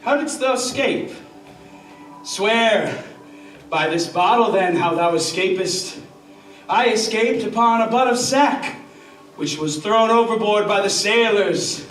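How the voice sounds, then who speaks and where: Dude acting a sloshed boastful butler, high voice, slow, far off in an echoey theater. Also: male voice, lively intonation, fairly bright tone, heavily acted. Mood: tipsy. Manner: boisterous, tipsy, blustering. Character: drunken swaggering male butler, adult. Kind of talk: live stage acting. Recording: echoey, distant stage mic with music.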